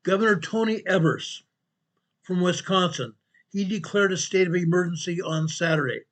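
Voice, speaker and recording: A man hosts a casual emergency news show with plenty of energy. He repeats himself and keeps turning to the viewers as "guys". His voice sits a little higher than most men's. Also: moderate pace, a bit bright. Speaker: host and company president.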